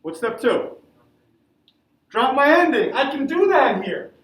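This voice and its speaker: Man, very high voice, classroom teacher, quizzes students, echoey room, heard from far off. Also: very animated, measured pace, fairly bright tone. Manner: questions the class and answers himself. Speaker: Spanish teacher. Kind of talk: classroom lesson.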